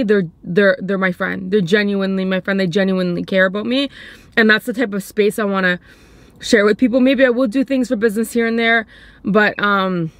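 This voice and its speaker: A woman's voice: medium pitch, no room sound. A young woman giving casual reaction commentary as a YouTuber, hesitant and often restarting as she searches for words.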